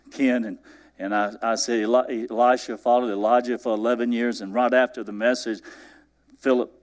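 Male preacher, sermon, lively storytelling, acts out dialogue, asks the congregation questions. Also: medium pitch. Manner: animated storytelling, acting out biblical dialogue.

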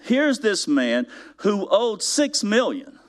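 A man preaching a sermon, slow and deliberate in places, with sudden rising emphasis on key words. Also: high-pitched, very animated. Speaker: pastor.

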